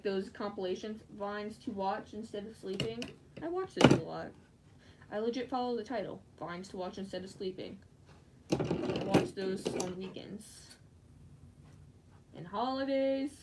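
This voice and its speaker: A woman chatting casually while she crafts, giggling often and breaking into excited squeals. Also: mid-range voice, moderate pace. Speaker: fursuit maker streaming live. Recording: distant mic with faint background noise.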